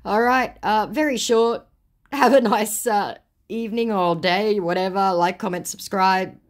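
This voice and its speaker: A woman's voice: medium pitch, steady tone, unhurried. A woman vlogger reading out a text chat with a scammer in a mocking, laughing way.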